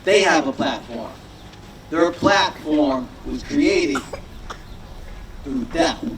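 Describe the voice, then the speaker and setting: Male rally speaker outdoors, unhurried and rousing, distant mic, crowd behind. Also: a little high, big pitch swings, gravelly, slight background noise. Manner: rousing, repetitive, leads a call-and-response chant. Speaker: rally speaker, city councilor. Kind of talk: rally speech. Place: outdoor sports field rally.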